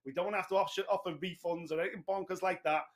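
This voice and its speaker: Male pundit, high voice, emphatic talk that runs on in long points. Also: fairly even intonation, quick pace. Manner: chatty, emphatic, talks in long run-on points. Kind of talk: casual studio analysis.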